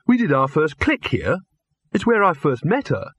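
A man's voice: fairly high pitch, huge pitch swings, normal speed, fairly bright tone, slightly rough, no echo, pitched above the performer's own voice, heavily acted. A man voicing an uneasy, earnest young man. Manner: questioning and uneasy.

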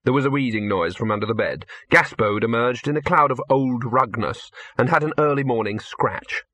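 A man reading an audiobook, telling the story in a wry, lively way. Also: medium pitch, normal speed, dry recording. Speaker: audiobook narrator.

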